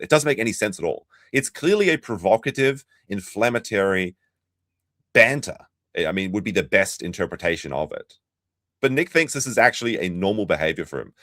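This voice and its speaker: A man's voice: deep voice, a bit bright, no room sound, studio quality. A man hosting a reaction commentary, mocking the clips he plays and talking to his chat. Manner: mocking, sarcastic, talks to chat. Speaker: commentary channel host.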